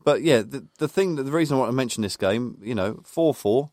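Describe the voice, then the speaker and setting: A man's voice: mid-range voice, lively intonation, brisk, darkish tone, no echo, studio quality. A man co-hosting a casual football podcast, reading from notes and recounting old match details. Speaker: podcast co-host.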